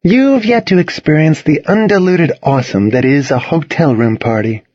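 A man voicing a sharp-tongued, witty teenage girl in a storybook reading. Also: low-pitched, moderate pace, no room sound, muffled recording, pitched above the performer's own voice. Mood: wry.

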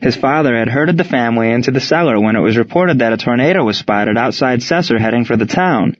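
A man reads a story aloud in scripted narration, steady and measured from line to line. His voice sits at an ordinary middle pitch. The recording is slightly dull and lo-fi. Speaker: audiobook narrator.

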